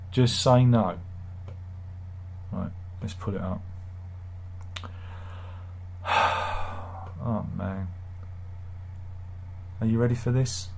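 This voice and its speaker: A man's voice: mid-range voice, slow pace, vocal fry, long pauses, a little mellow. A man hosting a live stream, reading chat comments and grumbling sardonically in a rambling, casual way. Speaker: livestream host.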